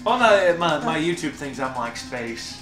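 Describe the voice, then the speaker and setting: A man's voice: on the high side, animated, unhurried. A man joking wryly while watching a game on a stream. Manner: wry, joking. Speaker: guest's boyfriend. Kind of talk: casual gaming chat. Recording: echoey room with game music.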